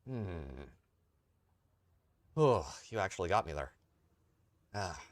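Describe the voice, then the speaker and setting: Tired, lively-voiced male game streamer. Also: low voice, slow, no echo. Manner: rambling, self-deprecating, talks to chat. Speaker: gaming streamer. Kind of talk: casual live-stream commentary.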